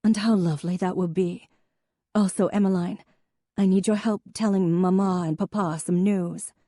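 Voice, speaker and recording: A woman's voice: fairly low pitch, steady tone, normal speed, mellow, no echo, clean studio sound, pitched above the performer's own voice, close to an everyday voice. A woman voicing a poised, formal elder sister with a refined, precise manner.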